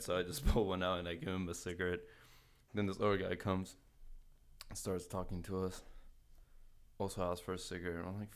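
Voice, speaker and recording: A young man from California telling a travel story in casual podcast chat, animated, swearing a lot and acting out the voices of the people in his story. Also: deep voice, brisk.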